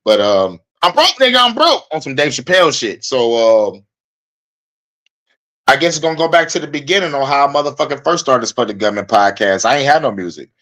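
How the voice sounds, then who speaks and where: A young man hosting a live-streamed podcast, venting casually and profanely with big swings in pitch and loudness. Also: animated, fairly quick. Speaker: podcast host.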